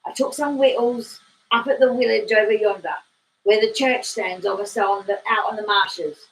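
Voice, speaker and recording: A woman doing a slow, blunt convict man. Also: medium pitch, steady tone, close to an everyday voice, poor audio. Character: rough hungry male convict, moody and blunt.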